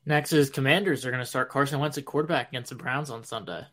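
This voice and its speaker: A man in his twenties with a Philadelphia accent, reading sports headlines as co-host in a brisk, matter-of-fact way. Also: medium pitch, fairly bright tone, a little hiss or hum. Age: 20s. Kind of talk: reading news items.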